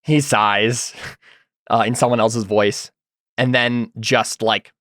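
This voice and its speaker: Casting: male game master, mid-pitched, dry close mic, chatty and rambling. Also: flat delivery, takes it slowly, fairly bright tone, dry recording. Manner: rambling, filler-heavy describing. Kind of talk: narrating a tabletop game.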